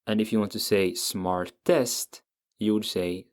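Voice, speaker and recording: A man teaching a language lesson, patiently explaining grammar and repeating each example word slowly. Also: lowish voice, fairly even intonation.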